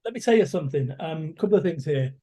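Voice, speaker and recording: A man's voice: a little high, fast. A middle-aged man with a Manchester accent, a motivational speaker talking bluntly and energetically in an interview. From Salford, Manchester, England. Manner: blunt, energetic, swears casually. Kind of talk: casual interview chat.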